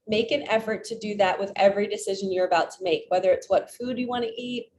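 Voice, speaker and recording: A woman talks as a spiritual coach in a relaxed, chatty vlog. She tells everyday stories and acts out her own inner questions as she goes. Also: medium pitch, fast, a little hiss or hum. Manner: chatty, retells stories with quoted self-talk. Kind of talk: casual vlog storytelling.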